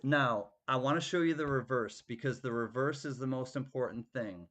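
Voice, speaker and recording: A man's voice: medium pitch, normal speed, fairly bright tone. A man running a live-stream coin auction, chatty and thanking bidders by name.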